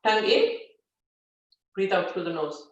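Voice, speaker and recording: A woman's voice: on the low side, measured pace, highs cut off. Yoga teacher woman in an echoey room. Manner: gentle instructive, frequent "yeah?" check-ins and fillers. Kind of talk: live guided yoga class. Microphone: device set back from the speaker. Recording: very echoey room, far from mic.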